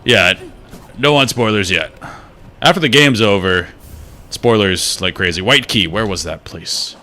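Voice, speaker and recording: A man's voice: lowish voice, measured pace, sharp tone, faint music behind. A man giving casual gameplay commentary as a streamer, thinking aloud and muttering to himself.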